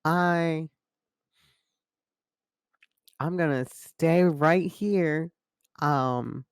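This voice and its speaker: Casting: female player, unsure, slow low smooth voice, dry close mic. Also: no room sound. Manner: hesitant, unsure. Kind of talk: casual game chat.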